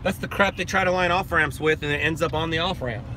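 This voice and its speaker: A man's voice: fairly high pitch, quick pace, sharp tone. A man hosting a live stream, chatting and joking in a rambling way while driving at night. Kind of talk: casual chat while driving. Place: inside a car at night. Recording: road and car noise behind.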